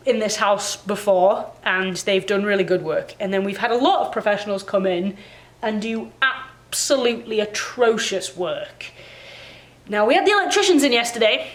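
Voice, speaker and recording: A woman vlogging casually from her home, chatty and exasperated as she rants at the camera. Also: medium pitch. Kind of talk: casual ranting vlog. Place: home in Canada.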